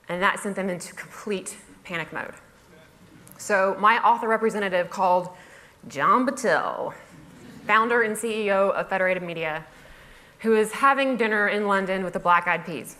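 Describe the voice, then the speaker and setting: A woman with a medium-pitched voice tells a funny story at a festival talk. She is wry and self-mocking and laughs through her lines. A faint hiss sits under her voice. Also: moderate pace, pauses often, pushed and bright. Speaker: conference speaker. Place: festival stage before a laughing audience.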